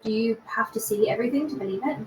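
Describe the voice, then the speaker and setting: A woman's voice: a little high, racing, far from the mic, rough recording. A woman playing her character in a tabletop game, arguing boldly with the crowd. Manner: bold, argumentative in character. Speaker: player.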